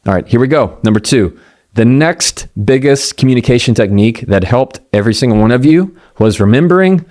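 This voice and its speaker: A middle-aged man gives a motivational talk on communication. He speaks conversationally, acts out quoted voices and slows down to land key points. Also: medium pitch, lively intonation, a little mellow. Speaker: communication coach.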